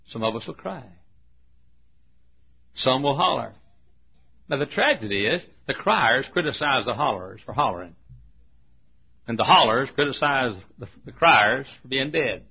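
A man's voice: medium pitch, animated, unhurried, creaky, pauses often, breathy edge, muffled recording. A man preaching a sermon, telling folksy stories with humor and poking fun at himself. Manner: folksy, humorous, self-mocking storytelling.

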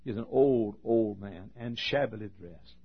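A man preaching a sermon as a pastor, telling a story with emphatic swings between loud and hushed delivery. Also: lowish voice, measured pace, slightly rough. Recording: dull lo-fi recording.

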